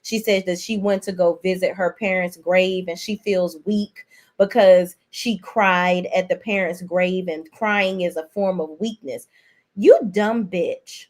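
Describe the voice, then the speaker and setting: A young adult woman giving a blunt, profane, animated rant as host of a reality TV recap. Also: lowish voice, a little slow. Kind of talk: casual ranting commentary.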